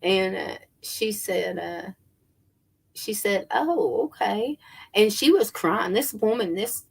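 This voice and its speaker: A woman's voice: medium pitch, takes it slowly, vocal fry, slightly rough. A middle-aged woman chatting casually to viewers, rambling with many fillers and restarts. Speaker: spiritual livestream host.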